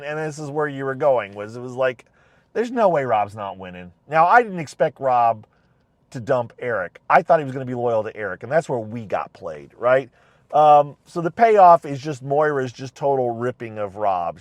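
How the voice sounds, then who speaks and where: A man's voice: medium pitch, no echo. A man casually recapping a TV show from inside his car, rambling with lots of fillers and restarts. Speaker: recap vlogger.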